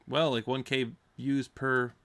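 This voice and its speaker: A young man in casual podcast chat, giving rambling, halting explanations full of fillers. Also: mid-range voice, flat delivery, fairly bright tone. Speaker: racing podcast participant.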